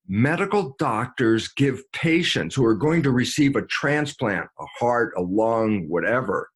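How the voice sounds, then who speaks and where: A man with a husky, slightly breathy voice talks as an interview guest. He explains in an animated way, plays out both sides of imagined exchanges and lets small chuckles slip into his sentences, with plenty of filler sounds along the way. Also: mid-range voice. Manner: animated, acts out dialogues with himself.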